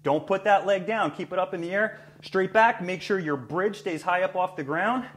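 A man as a fitness trainer, coaching and demonstrating floor exercises in an energetic way, breathing heavily as he works out. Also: high-pitched, moderate pace. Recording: echoey room with faint hum.

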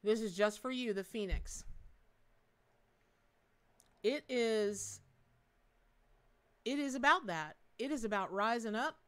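A woman's voice: on the high side, takes it slowly, long pauses, a bit bright, clear, resonant tone. A middle-aged woman hosting a live tarot reading, talking in a bubbly, chatty way with frequent laughs and folksy asides.

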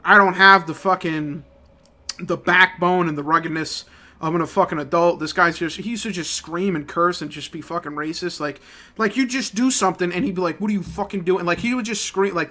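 A young man ranting in a casual, profane, rambling way, swinging between low mutters and loud outbursts. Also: steady tone, brisk. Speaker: gaming channel host. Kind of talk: casual rant over gameplay.

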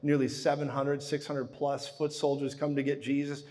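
A man preaching a live sermon who tells the story with animation, swinging from hushed to booming. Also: flat delivery, normal speed, hardly any pauses. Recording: reverberant hall.

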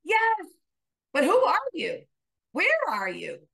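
A woman voicing a panicked man clinging to a cliff, shouting and pleading. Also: very high voice, wildly swooping pitch, takes it slowly, vocal fry, pitched above the performer's own voice, full character voice. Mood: anxious.

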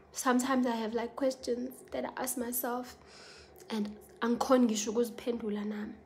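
A woman's voice: fairly high pitch, little pitch movement, normal speed, a little hiss or hum. A woman with a South African accent, talking to her viewers in an earnest, confiding personal vlog. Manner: earnest, confiding, mixes languages. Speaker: vlogger.

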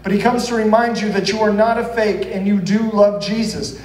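A man's voice: high-pitched, steady tone, moderate pace, darkish tone, roomy sound, recorded from a distance, rough recording. A man preaching a sermon as pastor, telling the story earnestly and acting out the quoted voices. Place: church hall.

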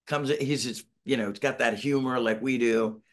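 A man's voice: medium pitch, fairly even intonation, normal speed. Rambling middle-aged man on a video call. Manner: rambling storyteller, acts out quotes, self-deprecating. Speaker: band member, interview guest. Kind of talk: casual video-call interview. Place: home, Northern California.

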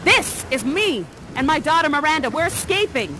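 A woman's voice: high-pitched, very animated, moderate pace, noisy background. A woman playing an exiled mother sorceress in live interactive theater, coaxing and playfully dramatic, doting on her audience. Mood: dramatic storytelling. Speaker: immersive theater actor.

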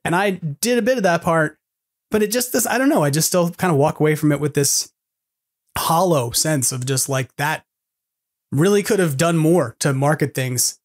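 A man hosts a casual podcast in a rambling, self-deprecating way, laughing between thoughts. His voice sits a little high. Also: normal speed. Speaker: podcast host.

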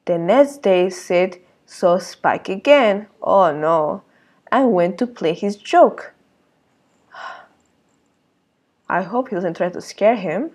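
A woman teaching young children at circle time, reading a picture book aloud in an expressive way. She often stops to exclaim and to ask the children questions. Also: mid-range voice, drawn-out words, long pauses. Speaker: early years teacher.

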